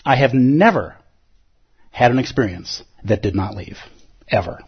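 Animated man giving a dharma talk. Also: mid-range voice, a little slow, long pauses, husky, muffled recording. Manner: animated, playful, acts out inner voices. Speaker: Zen teacher.

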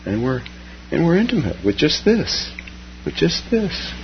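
A man teaching as a Zen teacher in a gentle, storytelling dharma talk, repeating key phrases softly. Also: on the high side, big pitch swings, unhurried, lo-fi sound, background noise.

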